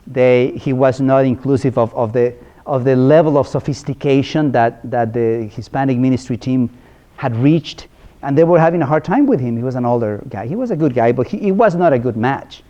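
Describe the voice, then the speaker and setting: A man speaks to a room of ministers in an earnest, conversational lecture, often restarting phrases and checking that his points land. His voice is mellow and dark, and the recording sounds dull and lo-fi. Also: mid-range voice, brisk. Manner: earnest, with frequent restarts and rhetorical questions.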